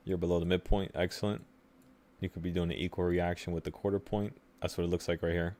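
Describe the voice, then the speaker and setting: Deep-voiced young man talking through charts. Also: fast. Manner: relaxed, thinking aloud, laughs at himself. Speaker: trading channel host. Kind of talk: casual screen-share chart walkthrough.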